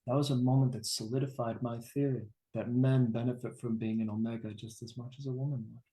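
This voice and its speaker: A man's voice: medium pitch, fairly even intonation, a little fast, warm tone. A man teaching about relationships in an earnest, emphatic way, sharing his own story and swearing casually. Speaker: relationship coach. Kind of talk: personal teaching talk.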